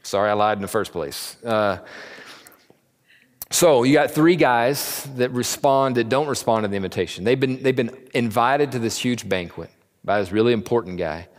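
A man teaching a Bible class in a casual, conversational way, joking and briefly acting out the people in the story. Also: medium pitch. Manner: conversational, jokey, acts out the characters in quick asides. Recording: long reverb of a large hall.

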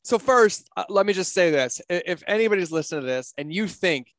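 A middle-aged man speaking as a podcast guest in a casual conversation, blunt and emphatic, with frequent swearing. His voice sits a little high for a man. The sound is dry and close, with no room around it. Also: expressive, fairly quick, no echo. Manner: blunt, profane, emphatic storyteller.

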